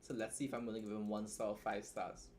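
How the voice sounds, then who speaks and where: In a lowish, darkish voice with a level tone, a young Trinidadian man hosts a casual livestream, with a little hiss or hum in the background. The writer reacts to a story bluntly, joking, swearing freely, and making quick asides.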